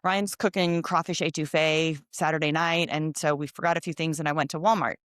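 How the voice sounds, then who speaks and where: A middle-aged woman hosting a podcast, telling a personal story in casual chat with expressive, animated delivery. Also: deep voice, a little fast, dry recording, clean studio sound. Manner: expressive, animated storytelling with lively quoted voices. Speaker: podcast host.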